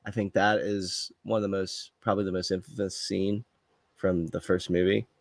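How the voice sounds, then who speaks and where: Low-voiced man in a relaxed chat. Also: normal speed, gravelly, dry recording. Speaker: podcast co-host. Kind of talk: casual movie review chat.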